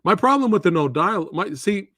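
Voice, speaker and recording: A man hosting a live movie review, talking in a casual, animated way and slipping into exaggerated quoted voices. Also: sits high, moderate pace, no echo, studio quality. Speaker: host of a movie review show.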